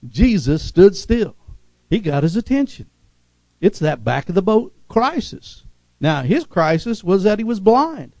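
A man preaching a sermon, calling for amens from the congregation and swinging from loud, fervent passages to quiet, lowered ones. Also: big pitch swings, unhurried, creaky, no echo, rough recording. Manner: call-and-response preaching, rising to shouts then dropping low. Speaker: pastor.

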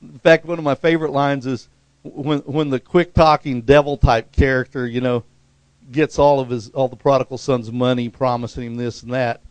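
A middle-aged man preaching a sermon, animated, leaping into loud high-pitched bursts when he acts out quotes. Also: moderate pace, no room sound. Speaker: pastor.

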